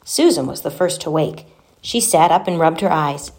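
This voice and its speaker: A woman reading a children's storybook aloud, gentle and expressive, giving the children's lines their own voices. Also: deep voice, normal speed.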